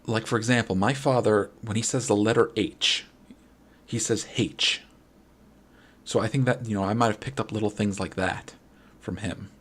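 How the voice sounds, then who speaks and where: A low-pitched man from New York with a New York accent talks with his stream viewers in a relaxed, rambling way. His voice has a husky edge, and he often restarts his sentences as he thinks aloud. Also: brisk. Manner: rambling, friendly, many restarts. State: late-night, a little wired. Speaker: game streamer. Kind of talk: casual chat with stream viewers.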